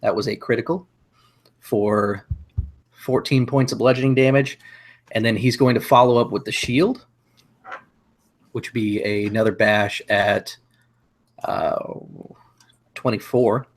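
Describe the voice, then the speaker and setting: A man playing a tabletop game, describing his character's attacks in a measured way with frequent fillers. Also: medium pitch, fairly even intonation. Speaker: player.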